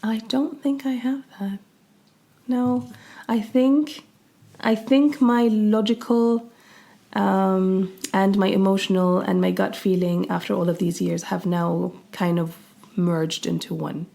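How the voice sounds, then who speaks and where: A woman co-hosting a podcast in casual conversational discussion, talking quickly and thoughtfully with frequent restarts. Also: medium pitch, steady tone, vocal fry, dark tone. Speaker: podcast co-host.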